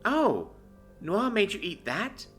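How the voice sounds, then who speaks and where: Guy doing a squeaky shy furry alien girl, bright and bouncy, gets flustered fast. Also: very animated, faint music behind, heavily acted. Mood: eager. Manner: eager, apologetic, quick to fluster. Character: timid young female alien with fur and ears.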